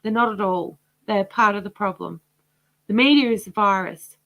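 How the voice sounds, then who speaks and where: A woman hosting a livestream, speaking casually and passionately in a rambling way, her voice going hoarse. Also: mid-range voice, normal speed, fairly bright tone. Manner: impassioned, rambling. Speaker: host of a livestream.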